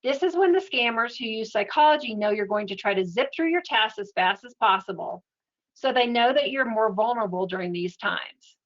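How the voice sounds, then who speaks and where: A woman giving an educational webinar talk in a steady, explanatory, conversational way. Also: on the high side, brisk, lo-fi sound. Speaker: webinar presenter.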